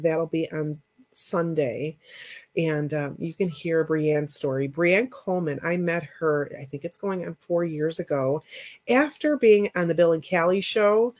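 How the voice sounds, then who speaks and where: Earnest, halting middle-aged woman, dry sound. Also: fairly low pitch, no echo. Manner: earnest and halting, with frequent pauses and fillers. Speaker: live-stream host sharing survivor stories. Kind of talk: reading a story aloud, then casual live chat.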